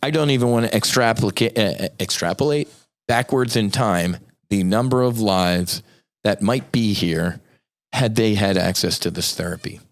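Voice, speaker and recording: A man with a somewhat low voice, speaking as a podcast guest and nonprofit founder. He rants in a profane, rambling way and slips sarcastic asides into his argument. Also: normal speed. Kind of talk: impassioned podcast rant.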